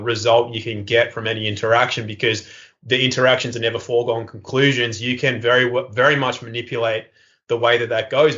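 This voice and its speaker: A man, a podcast guest telling stories in a lively way and acting out the people in them. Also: medium pitch. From Australia. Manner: animated, acts out quoted voices. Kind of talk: casual storytelling interview. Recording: dull lo-fi podcast audio.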